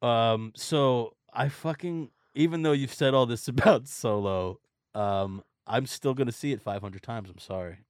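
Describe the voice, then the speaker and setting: A man's voice: medium pitch, measured pace, dry recording, clean studio sound. A man hosting a podcast, chatting casually with guests, joking and swearing freely. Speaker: podcast host. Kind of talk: casual chat.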